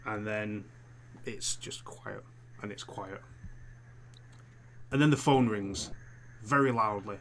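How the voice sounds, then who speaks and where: Rich: A man runs a tabletop horror game, describing scenes to his players. He pauses and backtracks often, with a faint hiss behind him. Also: lowish voice. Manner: hesitant, many fillers and restarts. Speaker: game master.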